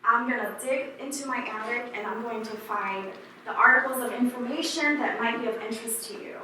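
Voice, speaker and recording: A woman's voice: a little high, a little fast, pushed and bright, slight background noise. A woman in her thirties, born in Laos, telling her family's story at an exhibit opening without a prepared speech, earnest and emotional. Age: 30s. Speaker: author speaking at an exhibit opening. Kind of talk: unprepared personal storytelling. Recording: echoey room, voice from far off.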